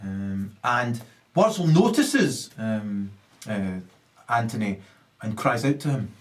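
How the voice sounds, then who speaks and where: A man's voice: fairly low pitch, very animated, slow pace. A man improvising a profane story, rambling with many ums and restarts.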